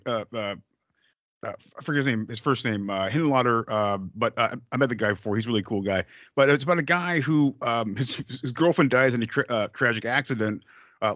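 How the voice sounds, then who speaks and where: A man's voice: mid-range voice, a bit bright, no echo, highs cut off. A man co-hosting a podcast, rambling through casual movie talk with lots of fillers and swearing. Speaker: podcast co-host. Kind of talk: casual movie-review banter.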